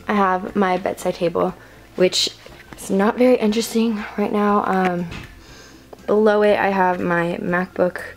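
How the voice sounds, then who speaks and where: In her bedroom, a teenage vlogger with a medium-pitched, darkish voice gives a relaxed room tour, slightly breathless. She rambles and says "um" a lot, and background noise is noticeable throughout.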